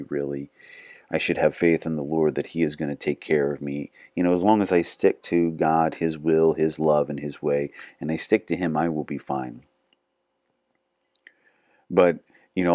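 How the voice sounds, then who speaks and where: A man's voice: very deep voice, a little mellow, dry recording, clean studio sound. A man reading scripture aloud, then reflecting on it in an earnest, conversational way with frequent fillers. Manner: earnest, conversational, many "you know" fillers.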